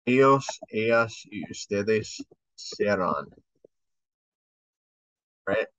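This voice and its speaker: Speaking slowly in a fairly low but lively, slightly bright voice, a man runs through verb forms in a relaxed home language lesson. He catches and fixes his own mistakes mid-sentence. The sound is dull, lo-fi and echo-free.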